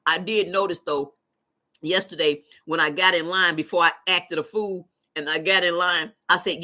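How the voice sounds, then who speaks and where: A woman's voice: on the low side, brisk. A woman hosting a casual live stream who tells stories with lots of laughter and talks back to her chat. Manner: animated storytelling, laughs often.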